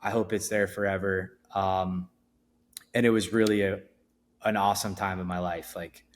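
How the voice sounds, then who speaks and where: A man's voice: low-pitched, little pitch movement, normal speed, a little hiss or hum. A middle-aged man chatting casually as a podcast guest, rambling with restarts and fillers. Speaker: event company founder, podcast guest. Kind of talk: casual interview chat.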